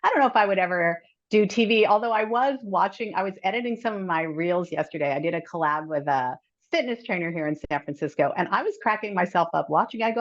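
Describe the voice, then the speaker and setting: A woman's voice: lowish voice, expressive, quick pace. A middle-aged woman who is an influencer, speaking candidly as a podcast guest and laughing often. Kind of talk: casual interview chat. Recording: slightly dull lo-fi audio.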